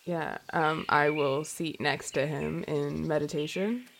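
Gravelly-voiced game player. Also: medium pitch, steady tone, unhurried, a bit bright, slight background noise. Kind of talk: casual tabletop play.

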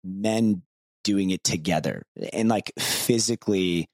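A man in his thirties talks on a podcast with a very deep voice. He is candid and easygoing and laughs often. The close mic gives a dry sound with no room echo. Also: slow, darkish tone. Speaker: podcast co-host. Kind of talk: casual podcast conversation.

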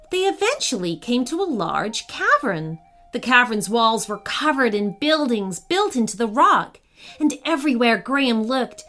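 Expressive woman reading a children's story. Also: a little high. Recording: soft background music.

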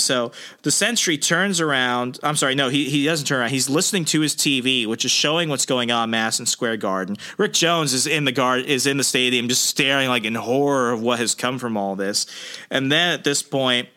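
A man co-hosting a podcast who recaps a comic book animatedly and acts out characters in quick snippets. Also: mid-range voice, pushed and bright. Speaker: podcast co-host.

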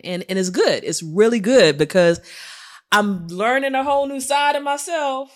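A middle-aged woman in a casual conversation, telling candid stories in an animated way and quoting her own past dialogue. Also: mid-range voice, normal speed.

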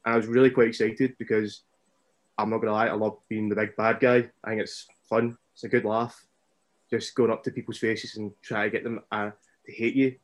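A young man with a Scottish accent, a wrestler chatting casually as a podcast guest and telling stories in an animated way. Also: fairly low pitch, a little fast. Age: young adult.

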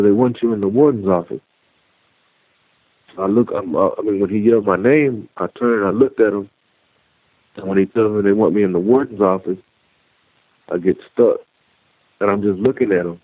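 Man, very deep voice, halting storyteller, dry tinny phone-line sound. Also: slightly rough, no room sound. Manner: halting, repeats words while telling a story. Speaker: guest. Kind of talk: personal storytelling.

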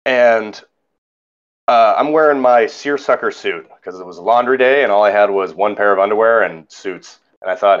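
A man telling a story in casual chat as a podcast host, animated and acting out the people in it. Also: on the low side, moderate pace, dull audio. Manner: animated, mimics others in quoted lines.

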